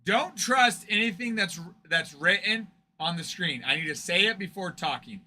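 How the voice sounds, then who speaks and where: A man's voice: sits high, animated, moderate pace, pushed and bright. A man hosting a card break stream, chatting casually with viewers, joking and laughing often. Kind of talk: casual livestream chat with viewers.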